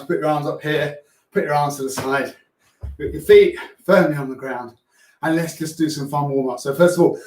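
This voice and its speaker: A man teaching primary school music, leading children's warm-ups with upbeat, playful, coaxing instructions. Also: on the high side. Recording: echoey room.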